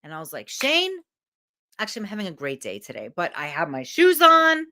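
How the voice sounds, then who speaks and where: Animated, emotional woman coach. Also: lowish voice, quick pace. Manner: emotional, candid, swears freely. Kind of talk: motivational talk to camera.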